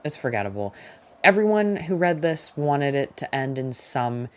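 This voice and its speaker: A young adult talking through a casual book review vlog, chatty and opinionated, with lots of "like" fillers and quick, emphatic verdicts. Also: mid-range voice, sing-song.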